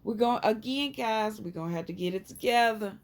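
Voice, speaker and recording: A woman with a Southern US accent giving a casual tarot reading, talking in an emphatic, rambling way that jumps up high and loud when she makes a point. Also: fairly quick. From Southern United States. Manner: emphatic, rambling, frequent sudden jumps up in pitch and loudness. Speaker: tarot reader.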